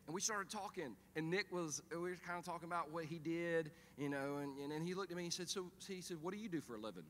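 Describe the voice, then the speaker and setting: Middle-aged male pastor, animated joking storyteller, slightly high bright voice, church-hall reverb. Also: fast. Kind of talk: sermon with storytelling. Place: church auditorium.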